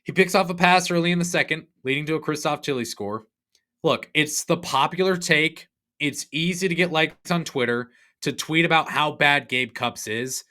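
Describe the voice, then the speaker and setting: A young man hosting a sports podcast, ranting in an animated, sarcastic, exasperated way. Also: on the high side, moderate pace. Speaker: podcast host. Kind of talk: opinionated sports podcast rant.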